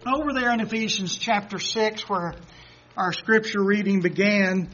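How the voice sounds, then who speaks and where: A man preaching a sermon who swings from quiet, low asides to loud, excited exhortation, acting out quoted voices and chuckling between points. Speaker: pastor. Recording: dull lo-fi recording.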